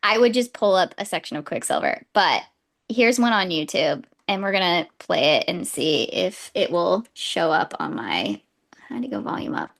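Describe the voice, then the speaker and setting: A woman's voice: fairly low pitch, expressive, moderate pace, vocal fry, a bit bright. A young woman co-hosting a casual book podcast, gushing and laughing often as she chats. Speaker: podcast co-host.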